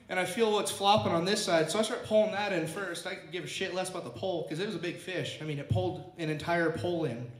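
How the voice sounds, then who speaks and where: A young man telling a long, profane fishing story to a crowd, animated and loose. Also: high voice. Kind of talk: storytelling to a live audience. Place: roomy clubhouse. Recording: echoey room.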